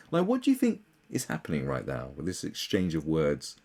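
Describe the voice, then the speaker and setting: A young man ranting sarcastically as a commentary host, swearing often and mocking others in shrill put-on voices. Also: wildly swooping pitch, normal speed, a little mellow.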